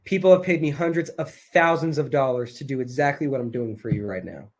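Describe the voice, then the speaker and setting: A man coaching a live online masterclass, moving between hyped, self-assured motivational talk and soft hypnotic repetition that drops almost to a whisper. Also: medium pitch, a little fast.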